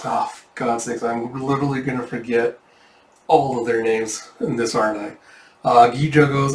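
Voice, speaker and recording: A man's voice: medium pitch, steady tone, normal speed. A man casually narrating a manga read-through, rambling and self-deprecating with many fillers. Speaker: manga reader. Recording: echoey room, distant mic.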